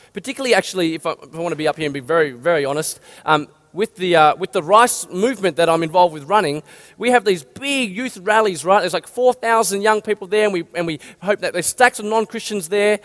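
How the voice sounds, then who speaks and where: A man's voice: high voice, fairly bright tone. A man, preaching an earnest, direct sermon. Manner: earnest, direct, rallying exhortations. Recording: long hall reverb.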